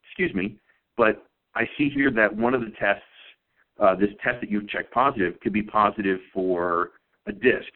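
A man's voice: fairly low pitch, moderate pace, natural voice. A man voicing a stern male insurance auditor who questions a chiropractor, heard over a tinny phone-like line. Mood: probing.

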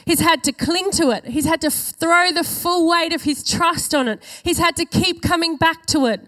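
A woman with a high, light voice delivers a church sermon. She is earnest and emphatic, leaning on key phrases and drawing them out slowly for weight. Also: a bit bright. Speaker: preacher.

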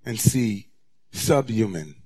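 A man, a rabbi, preaching a sermon to his congregation, moving from hushed near-whispers to raised, intense passages. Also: on the low side, lively intonation, slow pace. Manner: dramatic, swings from hushed to raised voice.

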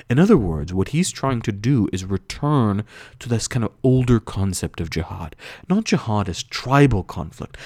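American male lecturer, low-pitched, earnest explainer, dry mic. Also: darkish tone, dry recording. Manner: earnest, explanatory, occasional restarts and fillers. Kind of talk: history lecture.

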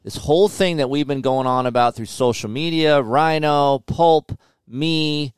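A man in his forties co-hosting a podcast, telling his story in a casual, animated and impatient way, with many restarts. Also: a little high, a little slow, clean tone, no room sound, studio quality. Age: 40s. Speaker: podcast co-host. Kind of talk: casual chat.

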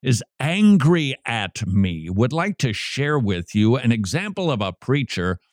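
A man hosts a radio show from a dry, close studio mic. He talks slowly and emphatically, his pitch swinging widely as he adds wry asides. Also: very animated, no room sound. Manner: slow, emphatic, with wry humor. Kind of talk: commenting on a recorded sermon.

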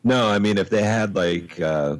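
A man's voice: lowish voice, moderate pace, rough recording. A man co-hosting a casual podcast over a remote call, laid-back and swearing freely. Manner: laid-back, swears and says bro a lot. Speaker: podcast co-host. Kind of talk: casual chat. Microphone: headphones on a remote call.

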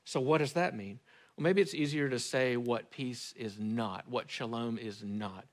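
A man's voice: medium pitch, a little slow. Conversational male pastor preaching a sermon. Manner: conversational, rhetorical questions, varied pace.

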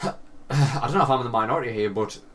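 A man's voice: medium pitch, racing, a bit bright. A young man, co-hosting a podcast and telling stories animatedly, swearing and laughing a lot. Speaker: podcast co-host. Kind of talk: casual chat. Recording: voice a bit distant from mic, faint hiss.

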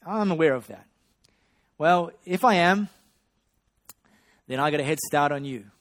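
A man preaching a sermon, swinging between loud excitement and hushed storytelling. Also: on the high side, unhurried. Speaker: pastor.

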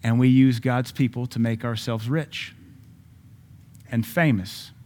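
A man preaching a sermon in a voice of middle pitch. He drops to quiet, quick asides, then builds to loud, high peaks. Scripture comes out slow and stressed. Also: fairly even intonation, slight background noise. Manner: reads scripture slowly with emphasis. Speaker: pastor.

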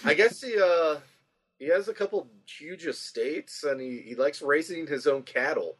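A man on a sports podcast panel, animated and rambling. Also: on the high side, normal speed, breathy edge. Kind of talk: casual sports podcast chat.

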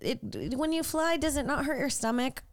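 High-voiced lady podcast host, loud and dramatic, cussing a lot in a studio. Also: moderate pace. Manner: loud, dramatic, profane complaining. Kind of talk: casual podcast chat.

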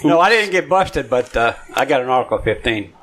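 A man on a casual podcast panel in a cigar lounge, telling a story in halting, stammering restarts. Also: medium pitch, expressive, fairly bright tone, a little hiss or hum. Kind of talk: casual chat among friends.

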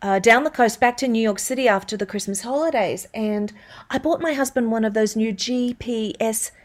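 A woman's voice: on the high side, normal speed. A woman with an Australian accent, a voiceover artist, telling stories as an interview guest and acting out the quotes. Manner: animated, laughing, acts out quotes. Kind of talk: interview storytelling.

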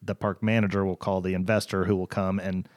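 A man's voice: low-pitched, flat delivery, brisk, darkish tone, no echo, studio quality. A man co-hosting a podcast in casual chat, talking loosely with lots of hedges and fillers. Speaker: podcast co-host.

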